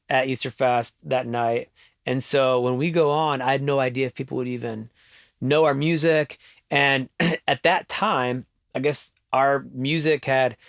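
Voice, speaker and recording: Middle-aged guy guesting on a chat show, dry close sound, animated storyteller, laughs a lot. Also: medium pitch, no echo. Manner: animated, laughs while telling stories. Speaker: musician guest. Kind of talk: casual interview storytelling.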